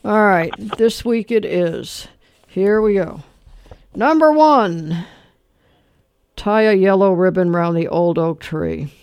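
A man hosting a call-in music quiz show on radio, telling stories and running the quiz with quick banter. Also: high-pitched, expressive, a little mellow, smooth, no echo. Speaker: radio host.

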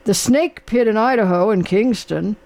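A man's voice: high-pitched, moderate pace, creaky, darkish tone. An older man hosting a casual talk show, rambling and chatty with lots of fillers. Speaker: radio host. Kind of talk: casual chat.

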